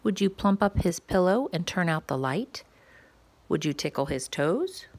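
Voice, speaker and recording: A woman reading a rhyming picture book aloud to preschoolers, asking playful questions in a gentle, sing-song way. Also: on the low side, sing-song, a little slow, husky. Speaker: children's story reader.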